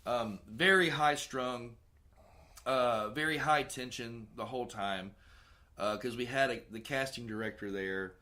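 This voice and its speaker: A man hosting a podcast, telling film-set stories in a casual, profane, animated way. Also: mid-range voice, measured pace. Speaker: podcast host and film director. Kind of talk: casual storytelling chat.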